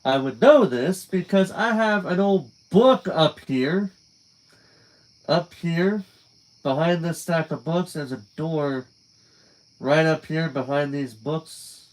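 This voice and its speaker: Over a rough recording, a man reads a novel slowly on a live stream in a fairly high-pitched voice. He stays casual and conversational, trailing off at phrase ends and stopping to talk to his chat.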